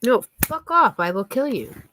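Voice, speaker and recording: A woman's voice: fairly high pitch, very animated, unhurried, background noise. A woman chatting casually with viewers on a live stream, giggling often and thanking them by name.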